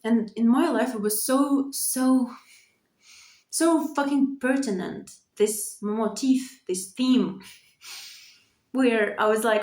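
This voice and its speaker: A woman in her thirties speaks to camera from her bedroom in an earnest, unscripted monologue. Her voice sits a little high, and she circles back over her words and swears freely as she opens up. The room sound is noticeably echoey. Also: a little slow, a little mellow. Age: 30s. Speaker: vlogger. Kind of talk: candid personal monologue.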